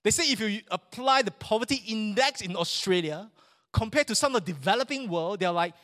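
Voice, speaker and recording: A man preaching a sermon in church, animated and joking with the congregation. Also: high-pitched, fairly quick. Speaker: pastor.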